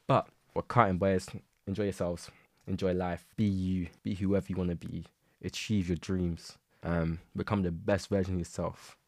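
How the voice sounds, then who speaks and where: A man's voice: deep voice, little pitch movement, moderate pace, no echo, clean studio sound. A young man from England, hosting a casual solo podcast, rambling and swearing with lots of energy. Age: young adult. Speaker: podcast host. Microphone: podcast microphone.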